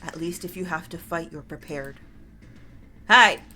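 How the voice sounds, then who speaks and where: A woman streamer reading a story game aloud with dramatic narration, breaking into lively chat with loud exclamations. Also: low-pitched, normal speed. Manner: animated, bursts of loud exclamations and laughter.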